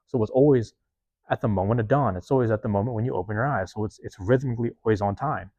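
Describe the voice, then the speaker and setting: A man's voice: lowish voice, fast, warm tone, no echo, lo-fi sound. A man hosting a podcast in a casual monologue, profane and rambling, often checking in with his listeners. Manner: profane, rambling, streetwise talk; self-reflective, keeps checking in with listeners. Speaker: podcast host.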